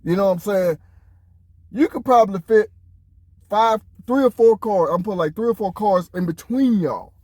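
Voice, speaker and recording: A man's voice: sits high, moderate pace, darkish tone, no room sound. A man giving casual reaction commentary, emphatic and incredulous, with lots of rhetorical questions. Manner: casual, conversational.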